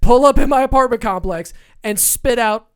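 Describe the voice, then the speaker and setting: Woman podcast co-host, clear smooth voice, animated storyteller who slips into voices. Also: fairly high pitch, moderate pace. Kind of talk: casual chat.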